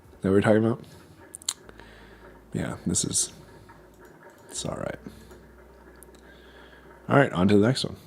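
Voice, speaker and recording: A man streaming as a vtuber, chatting casually about food and reading chat, switching between English and Mandarin. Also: fairly low pitch.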